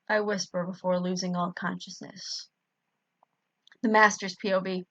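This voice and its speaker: A woman's voice: fairly low pitch, level tone, normal speed, fairly bright tone, dry recording, muffled recording. A woman reading a fan story aloud in first person, now and then stopping to correct her own misreadings. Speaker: fan fiction reader.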